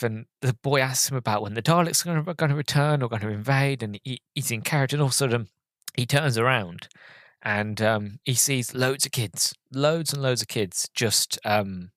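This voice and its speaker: A man's voice: mid-range voice, a bit bright, dry recording. A young man hosting a podcast, chatting through a film review in an earnest, heartfelt, rambling way with many restarts. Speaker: podcast host.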